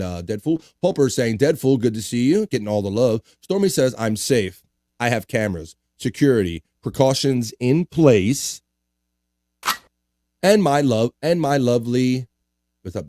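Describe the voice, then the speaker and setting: A man hosts a casual livestream and reads viewer comments aloud, his voice climbing high with excitement when thanking donors, then dropping back down. The voice sits in a middle pitch and is recorded dry and close. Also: no room sound. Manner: animated, hypes up donations, jokes crudely. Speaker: livestream host.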